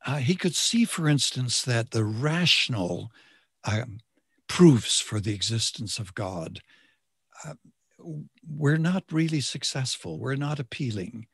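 A man preaches in short, measured phrases with pauses between them. His husky voice moves with lively rises and falls, and his delivery is unhurried. The sound is close and dry. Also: mid-range voice, dry recording.

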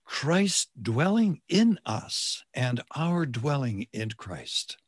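A man preaching a sermon in short, measured phrases, pausing so an interpreter can follow. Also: medium pitch, very animated, slightly rough, no echo, studio quality.

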